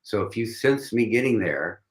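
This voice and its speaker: A man with a lowish voice joins a casual livestream chat as a guest. He reflects out loud and shares personal stories. He often stops and restarts his sentences as he goes. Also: expressive, normal speed, reverberant, noisy background.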